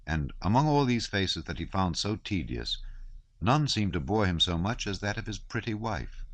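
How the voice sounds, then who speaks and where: In a low voice on a dry recording, a male audiobook narrator reads a classic novel aloud, measured and expressive.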